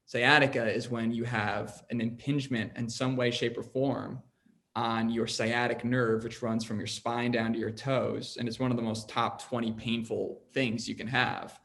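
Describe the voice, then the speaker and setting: A young man talks through a personal story on a podcast in loose, casual chat. He leans on "like" constantly and stays earnest, and his voice sits at an ordinary middle pitch. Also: level tone, normal speed, creaky, a bit bright. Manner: rambling, heavy use of "like", earnest. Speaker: podcast host telling his own story.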